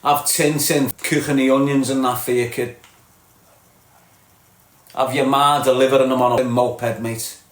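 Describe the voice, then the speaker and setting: A man's voice: medium pitch, little pitch movement, unhurried, pauses often. Blunt sweary Scouse man, roomy echo. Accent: Liverpool (Scouse). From Liverpool, England. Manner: blunt, sweary, mocking, tags lines with "lad" and "mate". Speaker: live-stream host. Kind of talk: ranting live-stream chat with viewers.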